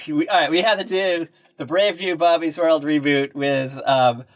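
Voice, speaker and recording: A man co-hosting a podcast, speaking in a slightly high voice. He chats casually, rambling from one joke to the next and swearing freely. The talk is loose and off the cuff. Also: fairly even intonation, unhurried. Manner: rambling, profane, joking. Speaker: podcast co-host. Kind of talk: casual chat.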